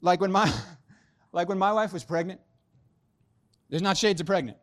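Pastor, male, 30s, sermon delivery, lively and joking, slightly high voice. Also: normal speed. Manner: animated, joking, builds to emphatic punches.

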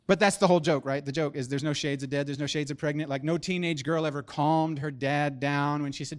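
A man in his thirties preaching a sermon as pastor, animated and joking, building to emphatic punchlines. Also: fairly high pitch, brisk, few pauses.

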